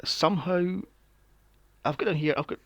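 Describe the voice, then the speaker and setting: A man's voice: a little high, normal speed, a bit bright, no room sound. A young man recapping a film on a podcast, sarcastic and swearing freely with mocking asides. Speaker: podcast co-host. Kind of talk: casual movie recap chat.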